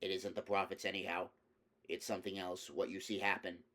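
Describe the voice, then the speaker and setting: A man voicing an undercover male officer who delivers a rote speech with measured pauses. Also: low-pitched, flat delivery, sharp tone. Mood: faltering.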